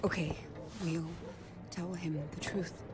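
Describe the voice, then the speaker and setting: An actress voicing a frightened young wife in a video game, speaking in a breathy, anxious half-whisper. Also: female voice, fairly low pitch, flat delivery, slow, background noise. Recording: game audio with music behind.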